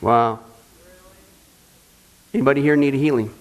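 A man teaching a Bible study, mocking and joking with loud exclamations. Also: mid-range voice, fairly even intonation, normal speed. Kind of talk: recorded Bible study talk.

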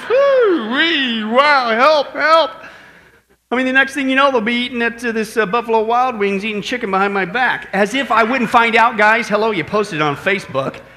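A man's voice: high-pitched, a little hiss or hum. A man preaching a sermon, joking with the congregation and addressing them directly. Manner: joking, energetic, talks to the congregation. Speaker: pastor.

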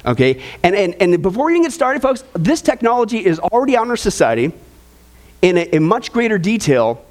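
A man's voice: high-pitched, brisk. A male pastor preaching a sermon, reading scripture aloud and asking the congregation questions. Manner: animated, asks the audience questions, reads scripture aloud.

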